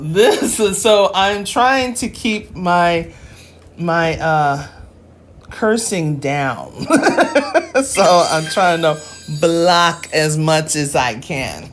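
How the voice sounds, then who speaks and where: A woman's voice: sits low, slight background noise. A woman in her forties tutoring math in a casual live-stream lesson, chatty and joking, laughing often.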